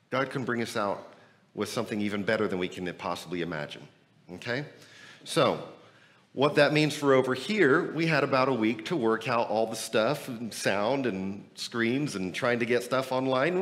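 A man preaching as a pastor, energetic and emphatic, asking rhetorical questions while he is losing his voice. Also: medium pitch. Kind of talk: sermon and church announcements. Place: church building, temporary meeting room.

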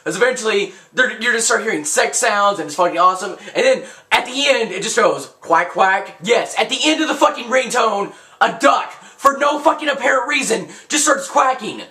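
High, animated, foul-mouthed young gamer man. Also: brisk, few pauses, far from the mic. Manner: loud, crude, ranting, jumps between yelling and muttering. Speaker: gameplay commentator. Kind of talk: profane let's-play commentary.

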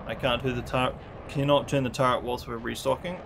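A man's voice: mid-range voice, fairly even intonation, a little fast, vocal fry, background noise. A man hosting a gaming channel, giving sarcastic, exasperated gameplay commentary and swearing at the game. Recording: game music loud behind voice. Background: game music.

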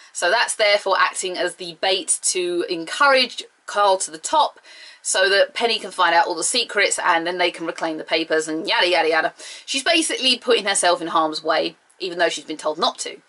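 A woman's voice: mid-range voice, bright, forceful tone. A woman giving a chatty, enthusiastic review of a TV episode, with playful asides.

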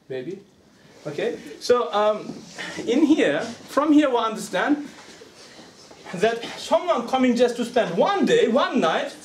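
A male scholar delivers a conversational lecture, his voice pitched high and swinging widely. He keeps checking in with the audience through rhetorical questions. The recording picks him up from across a reverberant room, with faint ambience behind him. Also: far from the mic, a little hiss or hum. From Uzbekistan. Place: lecture hall. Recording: echoey room, speaker away from the mic.

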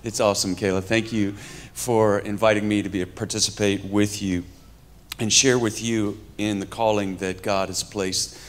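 A man's voice: fairly low pitch, level tone, moderate pace. A man in his fifties from New York, preaching a conversational sermon with humor and stories, talking to a live audience. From New York, USA. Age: 50s. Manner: humorous, storytelling, addresses the audience. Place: church hall with a live audience.

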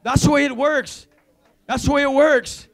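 A man, a visiting pastor, giving a rambling, excitable testimony at a church service, full of restarts. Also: very high-pitched, moderate pace. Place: church sanctuary.

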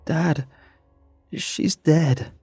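A man voicing a frantic, horrified young woman who pleads and shouts in panic. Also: medium pitch, lively intonation, slow pace, creaky, breathy edge, soft background music, voice pushed up, full character voice. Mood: hysterical.

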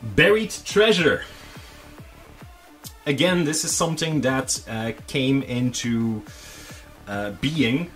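A man hosting a hobby channel, explaining in a relaxed, casual monologue with frequent ums and restarts. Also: medium pitch, slow pace, long pauses, soft background music. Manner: relaxed, conversational. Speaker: miniature painting channel host.

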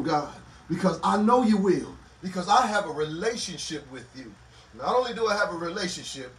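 Impassioned male pastor preaching, high voice, heard from some way off the mic. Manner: impassioned preaching, swelling loud on scripture and sinking low. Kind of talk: sermon at a Bible study. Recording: echoey room, mic at a distance, faint noise.

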